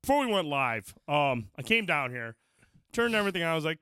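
A podcast co-host with a slightly high, very animated voice chats casually, spinning rambling, profane stories at a brisk pace. His tone is pushed, bright, clear and resonant, recorded at studio quality with no echo.

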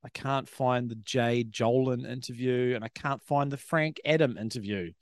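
A man's voice: medium pitch, normal speed, no room sound, clean studio sound. Easygoing New podcast man. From New Zealand. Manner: easygoing, sweary, self-deprecating. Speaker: podcast co-host. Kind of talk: casual chat.

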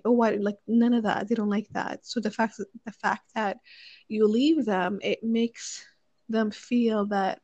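A woman's voice: mid-range voice, steady tone, unhurried, a little mellow, dry recording, highs cut off. A young woman chatting casually, thinking aloud with many fillers and restarts as she gives marriage advice. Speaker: speaker sharing advice on marriage. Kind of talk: casual chat.

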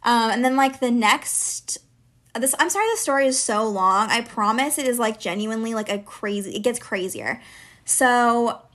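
A woman's voice: a little high, moderate pace, a bit bright. A woman in her twenties, a podcast co-host, telling a long personal story in casual chat, with lots of "like" fillers. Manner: chatty, heavy use of filler "like".

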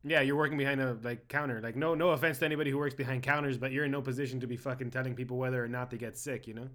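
A man co-hosting a podcast talks fast, slipping in quick, agreeing remarks during casual chat. His voice sits at an ordinary pitch. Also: steady tone, fairly bright tone.

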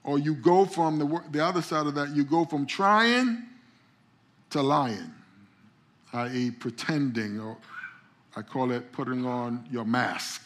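A man's voice: mid-range voice, a little slow, fairly bright tone. A male pastor delivering a conversational sermon, repeating and restarting words as he goes and calling out to the congregation for responses.

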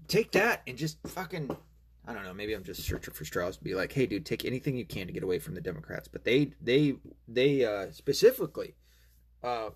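A man's voice: on the low side, slightly rough. A man talking casually in a long, rambling monologue, swearing often and stumbling through fillers and restarts. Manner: reads online comments aloud with mocking asides.

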